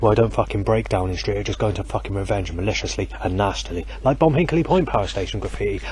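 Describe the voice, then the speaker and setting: A man's voice: fairly low pitch, quick pace, hardly any pauses, darkish tone. Angry man ranting at night. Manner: furious, profane, rambling rant. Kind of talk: angry rambling monologue. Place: outdoors on a street at night. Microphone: handheld digital audio recorder.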